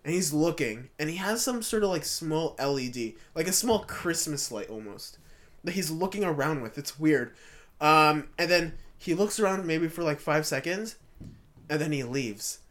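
A man's voice: a little high, lively intonation, moderate pace, a bit bright. A young man hosting a podcast, telling a story in casual chat, rambling with lots of fillers and restarts. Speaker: podcast host.

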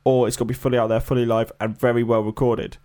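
A man's voice: medium pitch, little pitch movement, quick pace, warm tone. A man co-hosting a casual music podcast, rambling with lots of fillers. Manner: rambling, many fillers and hedges. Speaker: podcast co-host. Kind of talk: casual chat.

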